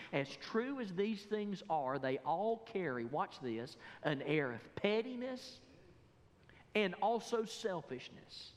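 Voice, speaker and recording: A man preaching from the pulpit of a church, pressing his congregation with one rhetorical question after another. His voice sits high for a man and carries a lively, animated energy. The sound rings out with the long reverb of a large sanctuary. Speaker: pastor. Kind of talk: sermon.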